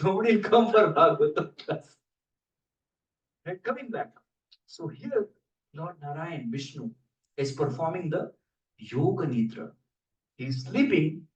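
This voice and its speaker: A man's voice: on the high side, muffled recording. Playful man preaching in an echoey hall. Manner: humorous, playful asides to the audience. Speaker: preacher giving a scripture class. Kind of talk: sermon storytelling. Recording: roomy hall, voice from a distance.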